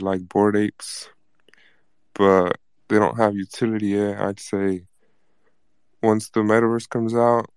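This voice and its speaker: A man speaking as a guest in a casual chat, calm and plain-spoken. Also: lowish voice, smooth, dry recording.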